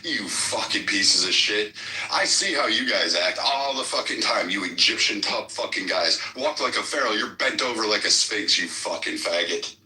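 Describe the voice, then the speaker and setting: A man's voice: fairly low pitch, lively intonation, moderate pace, bright, forceful tone, soft background music. A man taunting and ranting aggressively, full of profanity, in a heated online debate. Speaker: livestream debater. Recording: echoey room, distant mic.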